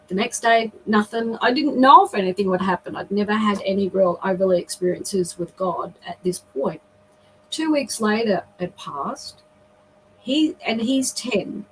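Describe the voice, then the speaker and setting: A woman's voice: mid-range voice, a little hiss or hum, rough recording. A middle-aged woman, a guest on a video call, earnestly telling a personal story with emotion and frequent restarts.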